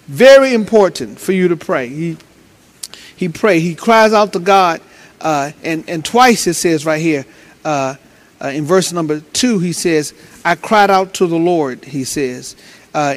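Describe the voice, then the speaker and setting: A man preaching a sermon as pastor, swinging between loud, driving preaching and low, stumbling talk full of repeated words.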